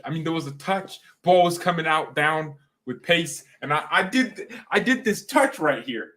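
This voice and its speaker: A young man chatting casually on a live stream, rambling and excitable, full of slang and quick restarts. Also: a little high.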